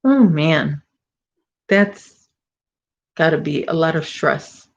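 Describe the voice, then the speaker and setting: A woman's voice: low-pitched, expressive, takes it slowly, creaky, lo-fi sound. A middle-aged woman hosting a casual crochet live stream, chatting and rambling as she reads viewer comments. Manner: chatty, rambling, self-correcting. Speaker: crochet channel host.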